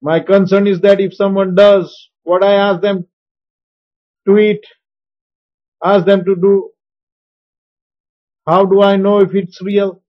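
A man preaching a teaching sermon on sharing faith, slow and emphatic in his instructions. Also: sits high, level tone. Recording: dull lo-fi recording.

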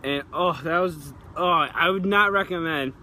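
Guy vlogging outside, high bright voice, gagging on onion, mouth on fire, cars going by faintly. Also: unhurried, a little hiss or hum. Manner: groaning and gagging while eating raw onion. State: mouth burning, teary and sweating. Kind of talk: casual vlog. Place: outdoors in hot weather.

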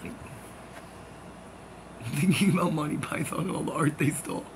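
A man's voice: fairly high pitch, normal speed, a little hiss or hum, low-quality recording. A man in a rambling, casual monologue, jokey and gossipy with meandering asides.

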